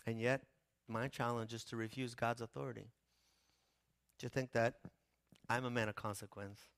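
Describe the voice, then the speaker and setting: A man preaching a sermon as pastor, impassioned, with a repetitive cadence that swings from hushed to loud. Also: mid-range voice, little pitch movement, normal speed, gravelly, clear, resonant tone, no room sound.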